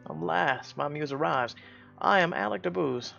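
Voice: medium pitch, moderate pace, creaky, bright, forceful tone, lo-fi sound, faint music behind, full character voice. A streamer hamming up a suave French artist. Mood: grand. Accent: put-on French. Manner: theatrical, over-the-top romantic.

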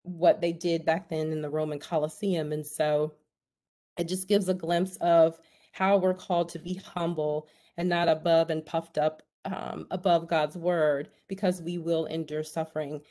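A woman with a somewhat low voice leads a Bible study on a video call. She talks slowly and hesitantly, filling gaps with "um" and "you know" and restarting her sentences. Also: flat delivery, mellow. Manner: hesitant, many fillers and restarts. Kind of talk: teaching a virtual Bible study.

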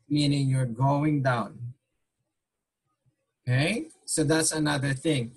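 A man's voice: on the high side, takes it slowly, husky. A man teaching an online Tagalog class, patiently repeating questions and mixing Tagalog with English.

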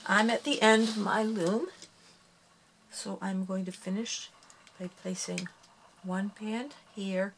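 A woman's voice: medium pitch, steady tone, slow pace, long pauses, slight background noise. A woman hosting a casual craft tutorial, counting the steps aloud and making chatty asides, a little out of breath. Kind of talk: casual loom bracelet tutorial.

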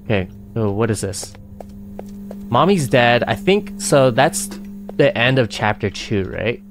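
A man streaming a game live, excitable and quick to panic, his pitch swinging a lot as he reacts. He talks in an unhurried way between bursts of alarm, with game music playing behind him. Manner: excitable and panicky, laughing often. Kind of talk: live gameplay commentary.

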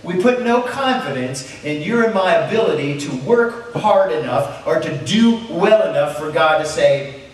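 Pastor preaching in an echoey sanctuary. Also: male voice, on the high side, lively intonation, unhurried, distant mic. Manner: repetitive, asks the congregation rhetorical questions. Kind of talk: sermon.

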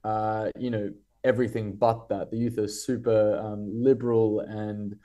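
A man's voice: lowish voice, little pitch movement, moderate pace, warm tone. A man with an Australian accent, a guest writer talking casually in a podcast interview, rambling and thoughtful with many fillers and restarts.

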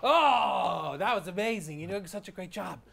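A man performing in a live improv comedy scene, excitable and laughing between lines. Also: sits high, normal speed, creaky, a loud crowd. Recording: live stage with audience.

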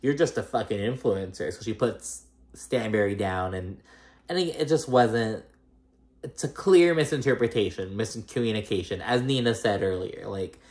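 A man with a lowish, animated voice recaps a reality show episode at normal speed. His retelling is chatty and rambling, stuffed with fillers like "like" and "girl."

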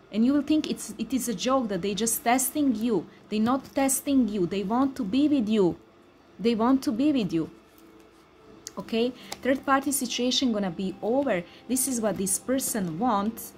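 A woman who speaks English as a second language, giving a tarot card reading in an emphatic, repetitive way with excited exclamations. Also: a little high, moderate pace, a little hiss or hum. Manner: non-native English speaker. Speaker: tarot reader.

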